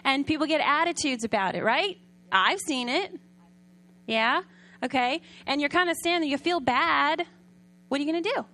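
A woman preaching a sermon in a conversational storytelling way, often asking the audience questions and sometimes dropping soft and quiet. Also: high-pitched, lively intonation, normal speed.

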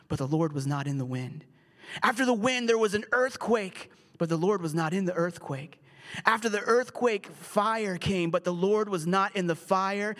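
A pastor delivers an earnest sermon. His voice sits fairly high for a man, and he sometimes sinks into a hushed whisper to draw listeners close. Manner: earnest preaching, dropping to a hushed whisper at times.

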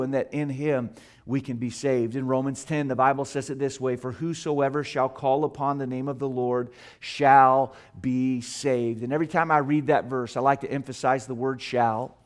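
Emphatic preacher man, soft to loud. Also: steady tone. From United States. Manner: builds from soft low passages to loud emphatic peaks; slow, stretched emphasis on scripture quotes. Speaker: pastor. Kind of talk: sermon. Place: church sanctuary.

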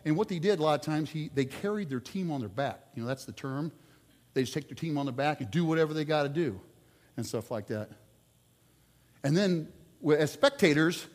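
A man preaching a sermon, telling sports stories with lively swings between loud outbursts and quiet asides. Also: medium pitch, big-room sound.

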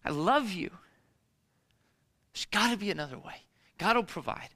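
A man voicing Abraham as an anguished but faithful father, speaking in a hushed, pleading way. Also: high-pitched, animated, normal speed, heavily acted.

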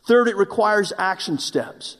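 Brief: male pastor, fairly high voice, self-mocking storyteller turning earnest, long hall reverb of a church. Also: animated, a little slow. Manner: earnest preaching to a congregation. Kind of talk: sermon.

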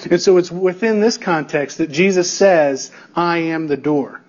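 A man's voice: on the high side, unhurried, dull audio. A male pastor preaching an expository sermon, emphatic and building through repetition, checking in with the congregation.

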